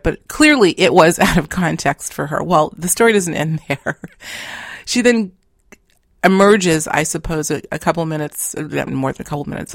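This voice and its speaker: A woman's voice: deep voice, no echo, clean studio sound. A middle-aged woman telling anecdotes in a casual, chatty way, acting out what others said. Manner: chatty, animated storyteller who acts out quoted lines. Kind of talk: casual storytelling talk.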